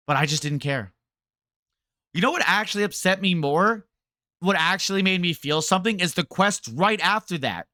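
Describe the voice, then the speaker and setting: A man's voice: high-pitched, sharp tone, no echo, studio quality. A man streaming a game, ranting to his chat in a rambling, sarcastic way. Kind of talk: casual game rant to chat.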